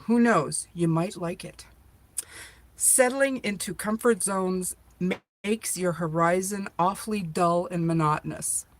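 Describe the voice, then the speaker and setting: A woman's voice: medium pitch, no echo. A middle-aged woman hosting a live tarot reading, chatty and playful, joking with viewers as she reads the cards aloud.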